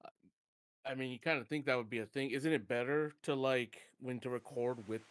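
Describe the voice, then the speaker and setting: A man's voice: mid-range voice, normal speed, clean tone. A man chatting casually on a gaming live stream, with a laid-back, loose way of talking full of filler words.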